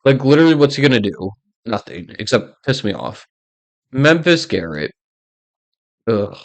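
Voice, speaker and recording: A man's voice: medium pitch, big pitch swings, normal speed. A young man rants casually to his audience as a YouTuber. He gives blunt opinions and rambles, with fillers all through his talk. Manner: blunt and ranting, with many "like" fillers. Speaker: YouTuber ranking reality show players.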